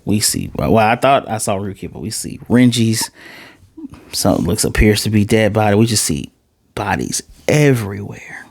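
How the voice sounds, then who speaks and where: A man giving a casual, animated recap of an anime episode, swearing freely and restarting his phrases as he goes. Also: fairly low pitch, a little slow, vocal fry, long pauses, no echo, studio quality. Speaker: anime reviewer.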